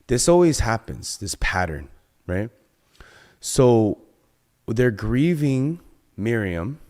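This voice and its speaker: A man preaching a sermon, emphatic, with sudden rises in pitch and loudness and many rhetorical questions.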